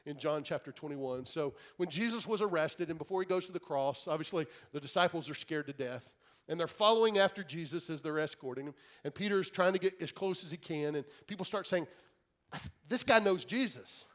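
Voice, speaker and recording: A man's voice: a little high, brisk. Earnest man preaching a sermon. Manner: earnest, pleading, drops to soft quiet tones for emphasis. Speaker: pastor.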